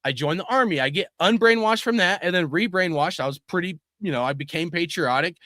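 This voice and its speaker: A man's voice: high-pitched, brisk, bright, forceful tone, dry recording, clean studio sound. A middle-aged man ranting angrily and swearing constantly in a profane opinion talk. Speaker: video host.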